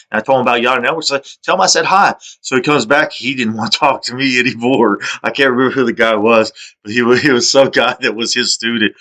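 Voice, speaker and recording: A man's voice: mid-range voice, fast talker, bright, forceful tone. A man delivering a rambling, repetitive and aggrieved personal monologue, sometimes dropping to a mutter. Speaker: video monologuist.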